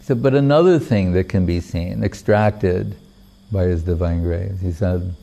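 A man giving a devotional talk, retelling a sacred story in a measured, unhurried way with pauses. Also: deep voice, gravelly, mellow. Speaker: spiritual teacher.

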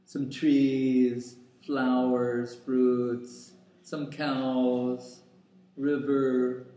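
A man putting on a playful devotee with a mocking, questioning edge. The voice is slow and drawn out. It rings in a very echoey room. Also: medium pitch, level tone, warm tone. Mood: teasing.

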